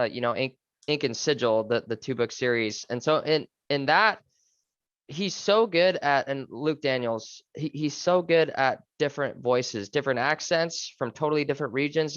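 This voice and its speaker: A man co-hosting a podcast, talking about books in a relaxed, easygoing way with hesitant fillers. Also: medium pitch, clean tone, no room sound, dull audio. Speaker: podcast co-host. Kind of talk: casual book chat.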